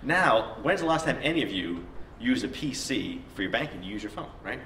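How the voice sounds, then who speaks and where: A man on a discussion panel, telling a lively story in casual conversation. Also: mid-range voice. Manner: animated storyteller, quick and lively. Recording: echoey room, distant mic, faint noise.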